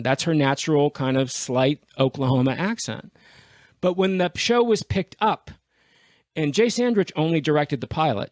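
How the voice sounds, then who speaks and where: A man's voice: on the high side, dry recording. A man co-hosting a podcast, chatting animatedly and laughing as he tells backstage stories. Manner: animated storyteller, laughs often, acts out quotes. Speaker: podcast co-host. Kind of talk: casual podcast chat.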